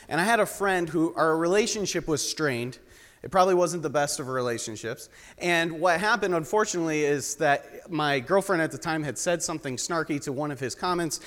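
A young man with a high voice delivers a sermon in a storytelling way, joking with the congregation. His voice rings out with the long reverb of a large church hall. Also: fairly bright tone. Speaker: guest preacher. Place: church sanctuary.

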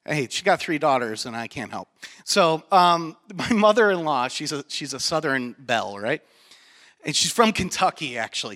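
Male pastor, high voice, bright and forceful tone, animated sermon, jokey storytelling, church. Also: normal speed. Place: church sanctuary.

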